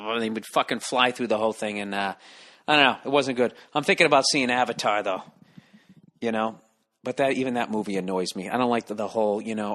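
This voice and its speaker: A man's voice: on the low side, pushed and bright. Man ranting sarcastically on a solo podcast. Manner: profane, sarcastic, rambling. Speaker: podcast host. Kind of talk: solo comedic podcast rant.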